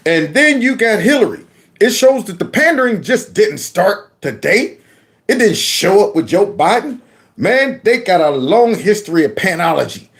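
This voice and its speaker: Here the same kind of host sounds high and sing-song, a little bright, moving at an ordinary pace. He runs his own channel and pokes fun at political footage, letting out abrupt squeals and laughs as he goes.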